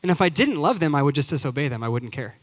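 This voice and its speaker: A man's voice: fairly high pitch, expressive, fast. Young male preacher, emphatic, hall reverb. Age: 20s. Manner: earnest, builds to emphatic repeated phrases. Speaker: youth pastor. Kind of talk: sermon. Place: church sanctuary.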